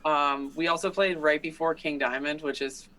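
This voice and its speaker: A man talking casually as a podcast guest, his voice bright and a bit higher than most. He tells loose, rambling stories full of fillers and laughs easily. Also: fairly even intonation, normal speed, a little hiss or hum, poor audio. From Netherlands-born, raised in Delaware. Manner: laughs often, loose storytelling with many fillers. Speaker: guest musician.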